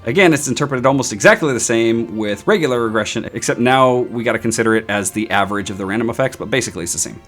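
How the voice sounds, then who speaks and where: A man's voice: lively intonation, quick pace, hardly any pauses, fairly bright tone, faint music behind. Playful man teaching statistics. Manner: playful, self-mocking asides with sudden high-pitched outbursts. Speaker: statistics instructor. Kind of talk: screen-recorded lecture.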